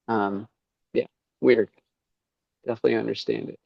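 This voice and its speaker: A man's voice: lowish voice, steady tone, unhurried, vocal fry, no room sound, dull audio. A man talking casually as a podcast guest, rambling, with many fillers and quoted asides. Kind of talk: casual conversation.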